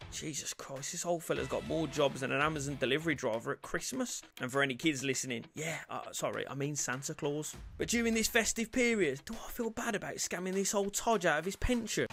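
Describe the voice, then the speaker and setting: Excitable gaming YouTuber. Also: male voice, on the high side, vocal fry. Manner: loud outbursts, cheeky banter. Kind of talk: excitable game commentary.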